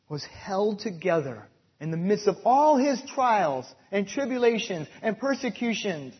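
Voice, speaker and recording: A man preaching a sermon and leading a prayer, slow and emphatic, swelling loud and then dropping soft. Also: fairly high pitch, slightly rough, muffled recording. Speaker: pastor.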